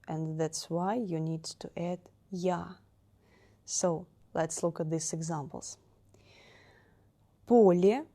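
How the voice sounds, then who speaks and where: Lady teacher, repeats every word, low-ish mellow voice. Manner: slow, patient, repeats each word for practice. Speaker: Russian language teacher. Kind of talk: grammar lesson explanation.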